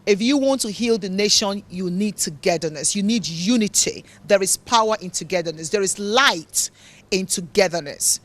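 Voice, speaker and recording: With a medium pitch, lively intonation and a moderate pace, a Nigerian motivational speaker and author answers interview questions. Her accent is mixed and hard to place, carrying English, African and Italian tones. She speaks earnestly, preachily, repeating words for emphasis.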